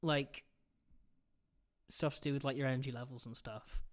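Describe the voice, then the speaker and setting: A young man chatting as a podcast guest, cheeky and teasing, getting loud when he jokes. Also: mid-range voice, steady tone, moderate pace. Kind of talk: casual chat.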